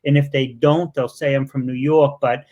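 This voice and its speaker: A man's voice: medium pitch, steady tone, normal speed, muffled recording. A man with a Boston accent hosting a live interview, talking in an effusive, rambling way with lots of fillers. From Massachusetts. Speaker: interview host. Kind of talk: casual live interview chat.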